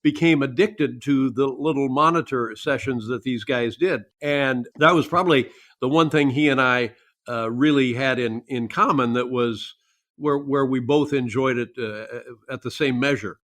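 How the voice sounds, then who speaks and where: A man's voice: medium pitch, normal speed, fairly bright tone. An older man as a podcast guest, recalling old memories in a rambling, hesitant way. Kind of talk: casual interview chat.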